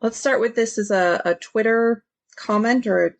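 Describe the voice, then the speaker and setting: A woman's voice: on the high side, normal speed. A woman co-hosting a relationship podcast, chatting casually, with frequent fillers and easy laughs. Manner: casual, uses "like" a lot, laughs easily. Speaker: podcast co-host. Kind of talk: casual chat.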